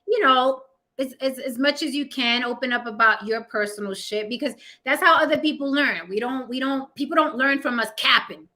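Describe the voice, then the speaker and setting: Sassy, blunt host with a New York accent; bright, fairly high woman's voice, casual and profane. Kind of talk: casual livestream chat.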